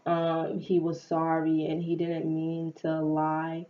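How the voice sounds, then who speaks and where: A woman's voice: sits low, slow pace. Young woman telling a chatty storytime. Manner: chatty, animated retelling with slang and quoted dialogue. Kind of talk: casual storytime vlog. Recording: echoey, dull lo-fi room with faint noise.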